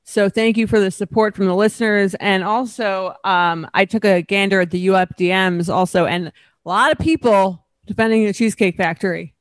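A woman's voice: medium pitch, steady tone, moderate pace, no room sound. A woman co-hosting a podcast in casual chat, talking with a slight lisp from new braces. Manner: chatty, frequent fillers. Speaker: podcast co-host. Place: her apartment, recorded over a video call.

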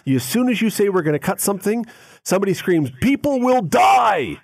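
A man's voice: high voice, expressive, fast talker, darkish tone, no room sound, studio quality. A man, a radio host, giving emphatic opinions in a casual on-air chat. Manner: opinionated, emphatic, mocks quoted complaints.

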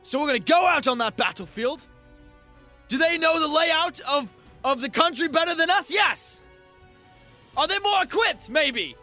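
A man playing a blustering British army captain in improvised comedic role-play, shouting a bombastic rallying speech that wavers into self-doubt. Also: high-pitched, huge pitch swings, slow, pauses often, breathy edge, soft background music, exaggerated voice. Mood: boastful, rousing.

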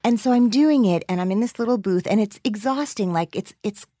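A woman's voice: fairly high pitch, fairly quick, warm tone, no room sound, studio quality. A woman hosting a podcast, asking questions and telling stories with wry, jokey asides. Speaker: podcast host. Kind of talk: casual interview chat.

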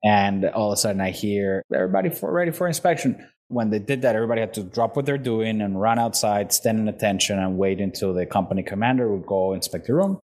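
Animated storytelling man from Venezuela. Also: on the low side, fast, few pauses. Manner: animated storyteller, acts out quotes and laughs. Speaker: interview guest. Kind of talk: storytelling in an interview.

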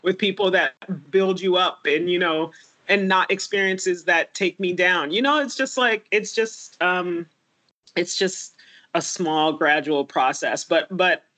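A woman's voice: on the low side, measured pace, a bit bright, no echo. A woman from Haiti, a podcast co-host, talking candidly and tearfully about her life, with frequent laughs and restarts. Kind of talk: emotional personal conversation.

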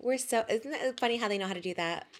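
Soft-spoken giggly woman podcast host. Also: on the high side, quick pace, slight background noise. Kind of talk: casual chat.

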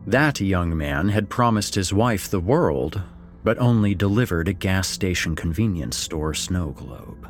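Male narrator, low and animated, first-person fiction; faint music underneath. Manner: expressive, swings between wry and somber. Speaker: story narrator.

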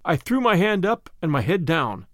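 A man narrating an adventure audiobook with an expressive, dramatic delivery. His voice sits a little high and moves a lot in pitch. The sound is dry and close, with no room around it. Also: normal speed, no echo. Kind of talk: first-person scripted narration.

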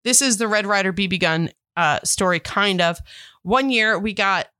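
Animated woman telling stories, dry mic. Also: medium pitch, normal speed, dry recording. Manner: animated storyteller, acts out quoted voices. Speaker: podcast co-host. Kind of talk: casual chat.

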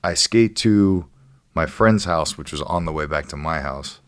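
A man with a very low voice tells a story on a podcast, swearing freely and acting out what people said. The sound is close and dry, with no room around it. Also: measured pace, dry recording. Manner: profane, animated storyteller acting out quotes. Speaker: guest, professional fighter.

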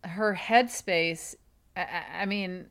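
A woman's voice: fairly low pitch, slow, fairly bright tone. A woman co-hosting a comedy podcast with dry, joking banter. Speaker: podcast co-host. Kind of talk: casual comedy chat.

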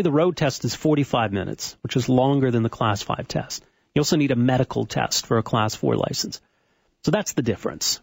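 A radio co-host who lays out the details calmly and steadily. His voice has a slight huskiness and sounds dry and close to the studio microphone. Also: medium pitch, creaky, husky, no room sound. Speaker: radio talk show co-host. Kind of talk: talk radio discussion.

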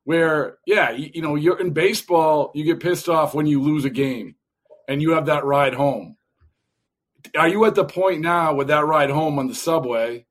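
A man's voice: on the high side, moderate pace. A man hosting a podcast, asking rambling questions that he often restarts. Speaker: podcast host. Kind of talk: casual interview questions.

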